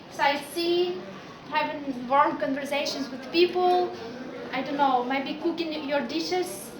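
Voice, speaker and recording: A woman from Ukraine giving a chatty, anecdotal talk to a class as a guest speaker, with many fillers like "like" and "yeah". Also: high-pitched. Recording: echoey classroom with students.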